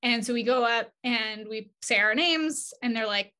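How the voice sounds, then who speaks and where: A woman guest in an interview, telling stories with a bright, forceful edge to her voice. Her pitch sits a little high. She talks casually and chattily, with lots of fillers and restarts, and acts out the voices in her anecdotes. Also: normal speed. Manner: animated, acts out quoted dialogue. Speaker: agency CEO, interview guest. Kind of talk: casual conversational storytelling.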